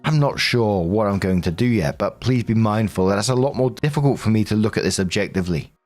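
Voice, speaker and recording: Guy narrating reddit-style stories, lowish voice, steady read, quiet music in the back. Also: a little fast. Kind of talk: scripted narration. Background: faint background music.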